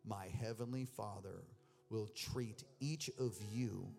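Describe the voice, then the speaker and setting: A man preaching a sermon, animated, moving between loud emphatic reading and low, intense asides, with casual slang mixed in. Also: takes it slowly, gravelly, soft background music. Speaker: pastor.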